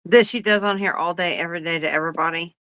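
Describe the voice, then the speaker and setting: A woman's voice: fairly low pitch, steady tone, fast, a bit bright, dry recording, poor audio. A woman hosting a livestream, delivering an angry, profane, confrontational rant at someone she calls out. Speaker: livestream host.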